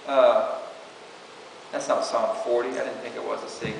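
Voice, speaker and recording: A man's voice: medium pitch, flat delivery, moderate pace, gravelly, pauses often. Preacher man in an echoey hall. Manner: conversational, reads scripture aloud, frequent "you know". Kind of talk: informal sermon. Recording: echoey hall with faint hiss.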